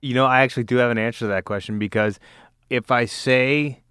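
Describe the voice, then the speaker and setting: Man from southern Louisiana, no southern accent, smooth clear voice, dry close mic, wry storyteller. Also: medium pitch, fairly even intonation, fairly quick, fairly bright tone, dry recording. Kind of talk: casual chat.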